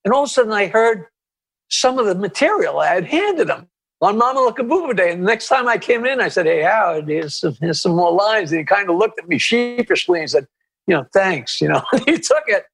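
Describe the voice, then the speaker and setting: High-voiced man telling rambling stories. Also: quick pace, vocal fry, slightly rough. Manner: rambling, animated, with frequent restarts and asides. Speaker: interview guest, comedian. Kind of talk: anecdotal storytelling in an interview.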